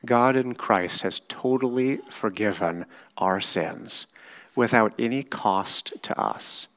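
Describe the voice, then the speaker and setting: A man preaching a sermon, teaching slowly and often checking in with his listeners with a quick "right?". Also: on the low side, fairly bright tone. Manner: slow, measured teaching with frequent "right?" checks. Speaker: pastor.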